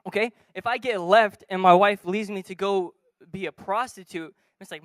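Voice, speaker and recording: A man preaches from a church stage in a high, smooth and resonant voice. He tells a story and acts out its dialogue, swinging between soft and loud. The recording is close and dry. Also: moderate pace, hardly any pauses, dry recording. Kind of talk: sermon storytelling.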